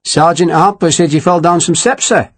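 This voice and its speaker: A man's voice: fairly high pitch, normal speed, pitched above the performer's own voice, natural voice. A man voicing a gaunt, earnest soldier from the countryside who gossips and is easily shocked.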